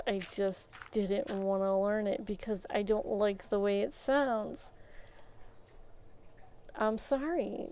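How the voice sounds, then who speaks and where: A young woman livestreaming, chatting casually and rambling through a school story with many fillers and restarts, getting animated as she goes. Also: on the high side, smooth. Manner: grows animated and loud retelling arguments. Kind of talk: casual storytelling chat while gaming. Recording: slightly dull lo-fi stream audio.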